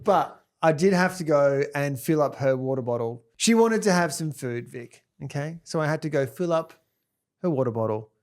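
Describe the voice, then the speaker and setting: A man's voice: a little high, normal speed. A man co-hosting a podcast, telling stories in casual banter and acting out quotes. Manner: animated storyteller, acts out quotes. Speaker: podcast co-host.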